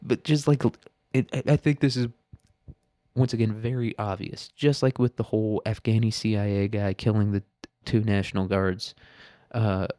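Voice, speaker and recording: A man's voice: on the low side, fairly even intonation, normal speed, warm tone, dry recording, clean studio sound. A man hosting casual current-events commentary, talking in a crude, blunt, sarcastic way. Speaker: podcast host.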